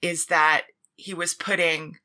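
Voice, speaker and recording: A woman's voice: on the low side, fairly even intonation, slow pace, sharp tone. A woman co-hosting a podcast, chatting casually in a playful, self-deprecating way. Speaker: podcast co-host. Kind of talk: casual chat.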